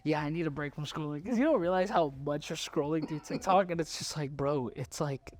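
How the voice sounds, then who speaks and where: A man's voice: fairly high pitch, brisk. A young man co-hosting a podcast in casual chat, loose and laughing, full of fillers and restarts. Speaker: podcast co-host.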